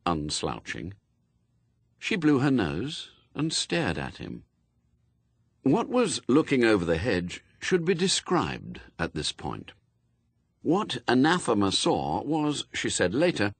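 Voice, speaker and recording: Male audiobook narrator, wry delivery, low and husky. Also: no room sound. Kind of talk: scripted narration.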